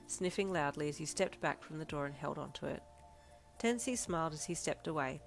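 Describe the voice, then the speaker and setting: A woman narrating a second-person fanfiction audiobook in a steady, plain storytelling voice. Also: sits low.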